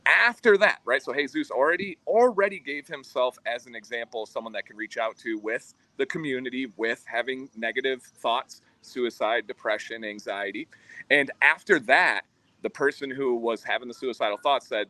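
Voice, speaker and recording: A man's voice: mid-range voice, moderate pace, pushed and bright, dry recording, rough recording. A man co-hosting a livestream, earnestly telling a story about his community. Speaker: co-host. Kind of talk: livestream chat.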